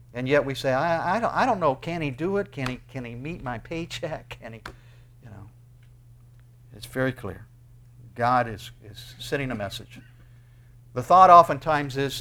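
A male pastor preaching an earnest sermon, with emphatic rises and quick bursts between quieter explanations. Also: mid-range voice.

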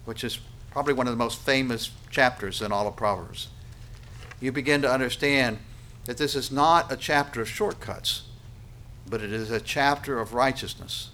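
Bright-voiced man preaching a sermon. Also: mid-range voice, slight background noise. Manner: earnest, emphatic preaching with dramatic pauses and acted asides. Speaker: pastor.

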